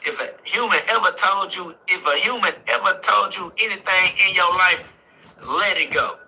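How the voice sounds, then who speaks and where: In a low-quality recording, a young motivational speaker delivers an impassioned, preacher-style address, driving his message with repetitive exhortations and calls of "facts." His high-pitched voice is bright, husky, and forceful at a moderate pace.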